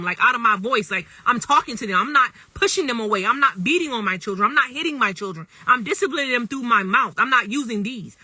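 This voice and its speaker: A woman's voice: high-pitched, sharp tone, slightly rough, no room sound. Emphatic woman on a phone livestream. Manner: emphatic and repetitive, often asks "you know what I'm saying". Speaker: livestream host talking to viewers. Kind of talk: casual livestream monologue.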